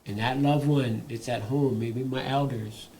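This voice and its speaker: An older man tells stories as a guest in a live panel conversation. His voice is gravelly and he speaks in an animated way, laughing between points. A faint hiss of noise sits behind him. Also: mid-range voice, a little slow. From Hawaii. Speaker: guest, indigenous elder and artist.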